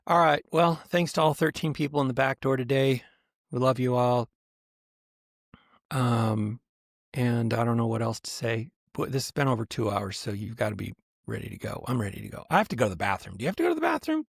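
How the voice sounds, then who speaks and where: Gravelly-voiced man co-hosting a podcast. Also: mid-range voice, steady tone, fairly quick, no echo, clean studio sound. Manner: laughs often, rambling retellings. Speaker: podcast co-host. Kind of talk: casual chat.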